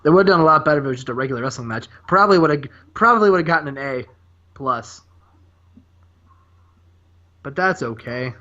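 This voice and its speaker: A man hosting a casual podcast, excitedly recapping wrestling matches and laughing often. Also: a little high, fairly quick, long pauses, lo-fi sound. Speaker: podcast host.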